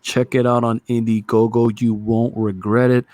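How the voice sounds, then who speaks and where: A man's voice: medium pitch, little pitch movement, moderate pace, darkish tone, no echo. A man co-hosting a casual comics chat, talking with mock enthusiasm and heavy sarcasm. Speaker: co-host, comic creator.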